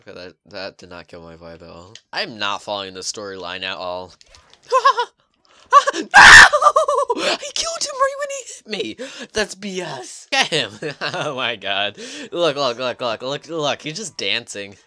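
A man doing excitable gameplay commentary, joking to himself and yelping whenever he is startled. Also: fairly low pitch, unhurried. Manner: excitable, yelps and shrieks when startled; jokey, self-mocking asides. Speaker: gaming YouTuber.

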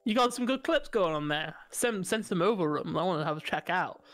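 A man co-hosting a podcast in casual chat, animated and quick to swear and joke at himself. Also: high voice, faint music behind. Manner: animated, swearing, self-mocking. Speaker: podcast co-host. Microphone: studio mic.

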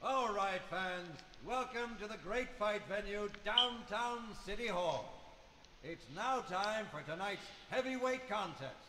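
A man announcing fighters as a boxing ring announcer, with drawn-out booming delivery. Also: lively intonation, fairly bright tone, slightly rough, exaggerated voice. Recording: distant game audio under music.

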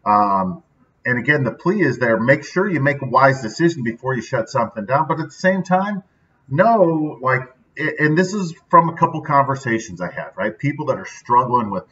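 A man's voice: mid-range voice, big pitch swings, moderate pace, a bit bright. Upbeat chatty man, slightly distant and dull. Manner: upbeat, chatty, with many filler asides. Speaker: podcast host. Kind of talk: casual daily motivational talk. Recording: dull sound from slightly off mic.

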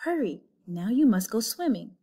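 A woman's voice: on the high side, sing-song, moderate pace, dark tone, husky. Cocky clever storybook cat, woman reading him, schemy and showy. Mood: scheming. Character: clever boastful talking male cat.

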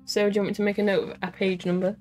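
A woman playing through a gamebook in casual chat, excitable and quick to laugh and swear, with faint music behind. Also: medium pitch. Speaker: gamebook co-player.

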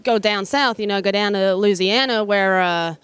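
A woman's voice: mid-range voice, moderate pace, a bit bright, clear, resonant tone, close to an everyday voice. Woman putting on a drawling Southern farm gal. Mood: sly. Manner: rambling, hinting stereotype.

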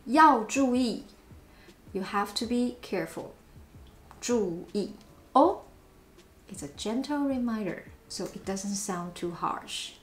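Taiwanese-accented woman teacher, Mandarin native, fairly high voice, unhurried, repeats sample phrases playfully. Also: lively intonation. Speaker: language teacher. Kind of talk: language lesson. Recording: roomy echo.

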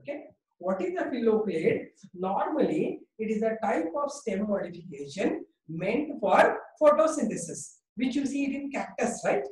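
A woman's voice: mid-range voice, very animated, moderate pace, darkish tone, reverberant, poor audio. A woman with an Indian English accent teaching a biology class, coaxing students and praising them by name.

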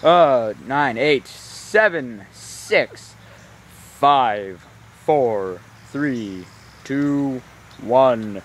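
A man's voice: medium pitch, expressive, slight background noise. Tired, rambling young man vlogging outdoors. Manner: rambling, self-mocking, talks in quick tangents. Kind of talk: rambling casual vlog. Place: outdoors, walking a dog in rainy weather.

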